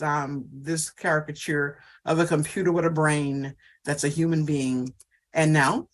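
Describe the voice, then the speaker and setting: Man giving a relaxed church teaching talk. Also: sits high. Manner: conversational, lists traits, frequent "you know". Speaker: ministry workshop speaker.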